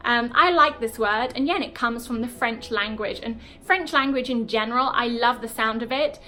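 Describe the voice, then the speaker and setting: A young British woman with a British accent teaching English in a chatty way, with frequent "um" and "okay" and slow demonstrations of words. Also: a little high, fairly bright tone. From Britain. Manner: chatty, frequent ums and okays, slow deliberate word demos. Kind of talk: online English lesson.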